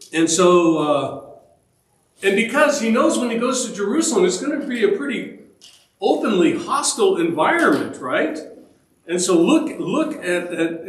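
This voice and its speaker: A man leads a church Bible study, speaking slowly and steadily in a fairly high voice. He talks conversationally, restarting phrases and pausing on fillers, and he keeps asking the group questions. The room gives his voice a noticeable echo. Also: slight background noise. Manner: asks the group questions, checks in with "all right?".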